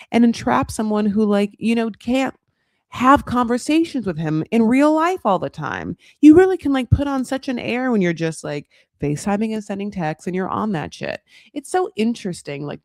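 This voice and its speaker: Animated, gravelly-voiced sarcastic woman host. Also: medium pitch, dry recording, clean studio sound. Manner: animated, sarcastic, swears freely. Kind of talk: comedic reality TV recap commentary.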